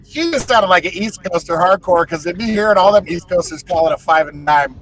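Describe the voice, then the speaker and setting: Guy cohosting a podcast, kinda high voice, joking around, yells the plugs. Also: brisk, soft background music, low-quality recording. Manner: playful, jokey, bursts into shouted promos. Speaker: podcast co-host. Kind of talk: casual podcast chat.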